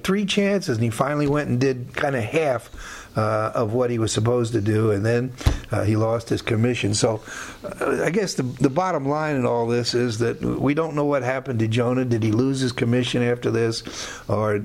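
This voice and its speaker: A man's voice: medium pitch, a little mellow. A man teaching through a Bible passage in a conversational way, with many fillers and side remarks.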